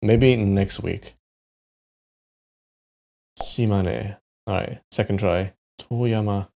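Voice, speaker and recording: Speaking very slowly in a warm, gravelly, fairly low voice with a steady tone, this man streams live as he works through a map quiz. He mumbles place names to himself, breaks into sudden frustrated outbursts, and swears occasionally, all in a casual, offhand way.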